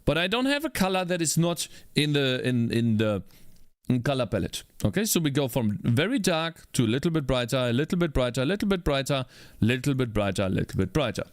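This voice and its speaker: A man's voice: mid-range voice, big pitch swings, brisk, dry recording, studio quality. A man streaming while he works on a game, talking to himself, frustrated and swearing. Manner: frustrated, exasperated, talks to himself. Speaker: indie game developer streaming. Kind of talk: live-stream chat while working.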